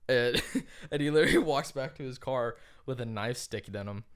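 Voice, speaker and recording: A man's voice: mid-range voice, moderate pace, clean tone. A man co-hosting a podcast in casual chat, telling a long story full of "like" fillers and casual swearing. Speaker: podcast co-host.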